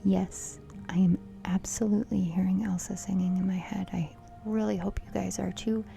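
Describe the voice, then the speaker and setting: A middle-aged woman doing a casual card reading, playful and giggly, often dropping into a soft whisper. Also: medium pitch, level tone, moderate pace, creaky, faint music behind. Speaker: tarot reader.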